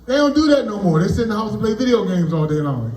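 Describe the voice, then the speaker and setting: Man, stand-up comedian, very high voice, loud animated delivery, echoey party room. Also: fast talker. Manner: loud, animated punchlines, bantering with the crowd. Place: party venue, indoors.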